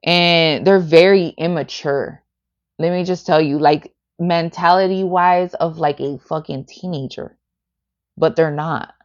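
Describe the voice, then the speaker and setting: A woman's voice: deep voice, fairly even intonation, unhurried, highs cut off. A woman reading tarot on a livestream, blunt and heavily profane, filling her talk with "like". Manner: profane and blunt, heavy "like" and "bitch" fillers. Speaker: tarot reader.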